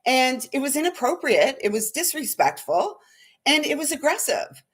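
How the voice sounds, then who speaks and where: A woman's voice: sits high, sing-song, moderate pace. A woman hosting a spiritual talk, rambling with many fillers in an earnest, slightly shaken way. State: shaky, unsettled. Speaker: spiritual channel host. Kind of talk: casual spiritual livestream talk.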